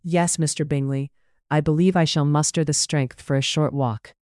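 Narrator doing a sweet young lady in a period story, soft-spoken, clear smooth voice. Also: medium pitch, fairly even intonation, moderate pace, no room sound, studio quality, close to an everyday voice. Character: gentle, hopeful young gentlewoman. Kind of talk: audiobook character reading.

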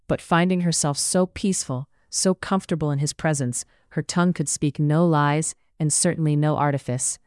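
An audiobook narrator reading a period romance in a measured storytelling manner. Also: medium pitch, darkish tone, smooth, dry recording, clean studio sound. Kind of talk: scripted narration.

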